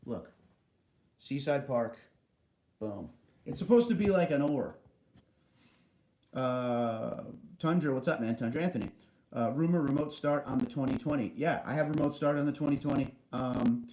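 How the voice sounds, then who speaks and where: A man's voice: a little high, expressive, moderate pace, a little mellow, roomy sound, slight background noise, poor audio. A man hosting a casual livestream, reading viewer comments aloud and answering them from a large basement room. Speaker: livestream host.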